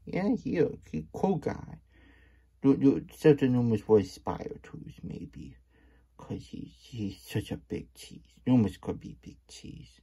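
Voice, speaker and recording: A man's voice: medium pitch, very animated, unhurried, warm tone, slightly rough, full character voice. A man voicing a simple-minded, childlike hedgehog who hosts a storytime, speaks of himself in the third person with broken grammar, and hums little brr sounds. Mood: musing. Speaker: storytime host.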